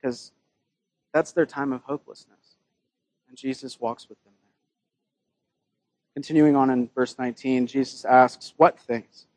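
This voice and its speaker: A man's voice: mid-range voice, steady tone, unhurried, long pauses, darkish tone, no echo. A man preaching a sermon in a casual, joking way, with his own scripture readings mixed in. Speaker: pastor.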